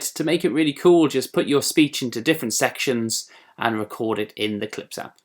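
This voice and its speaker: A man's voice: medium pitch, normal speed. A man presenting an online writing lesson for children in a friendly, explanatory way with frequent fillers. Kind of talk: classroom lesson video.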